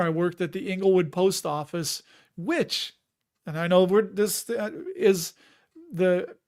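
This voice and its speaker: Man, Chicago accent, higher voice, rambling, laughing, reading chat on a live stream. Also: a little mellow. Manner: rambling, chatty, laughs often, reads chat aloud.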